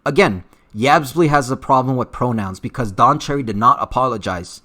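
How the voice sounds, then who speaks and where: A man's voice: medium pitch, moderate pace, pushed and bright. Brief: man with an accent, casual livestream commentator, blunt and profane, lots of "uh"s. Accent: unidentified accent. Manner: blunt and profane, with frequent fillers. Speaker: streamer reading live chat.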